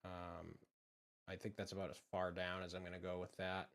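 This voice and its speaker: A channel host from just south of Boston chats as he draws, his Boston accent coming through in a low, monotone, slightly bright voice at normal speed. His talk is rambling, profane, and laid-back.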